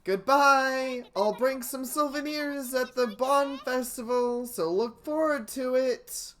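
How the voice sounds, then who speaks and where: A woman's voice: deep voice, slow, a little hiss or hum. A woman voicing an earnest, eager teenage boy leaving home, reading a visual novel's lines. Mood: cheerful.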